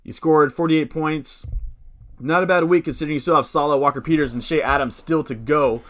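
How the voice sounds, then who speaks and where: A man's voice: fairly high pitch, fairly quick, fairly bright tone. Man live-streaming, chatty and rambling. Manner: rambling, self-correcting, upbeat, reads chat aloud. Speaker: fantasy football streamer answering chat. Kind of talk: casual live-stream chat.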